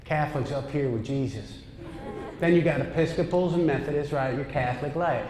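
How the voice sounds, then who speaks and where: A man's voice: a little high, brisk. A man from upstate New York doing a stand-up comedy set on a club stage, with a brash, punchy delivery and asides to the crowd. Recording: echoey club room with noise. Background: audience laughter.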